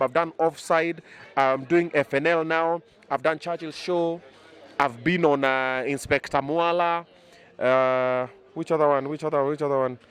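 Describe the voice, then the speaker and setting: A Kenyan man around his thirties, a media personality, gives a casual interview outdoors in the city, speaking Kenyan English mixed with Swahili phrases. His voice is a little high, clear and resonant, and he talks in quick bursts with lively, boastful energy.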